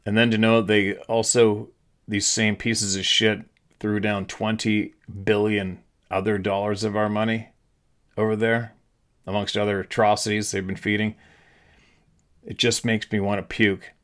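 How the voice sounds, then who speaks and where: Low flat-voiced man ranting, frustrated. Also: unhurried. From Canada. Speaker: channel host. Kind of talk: ranting monologue.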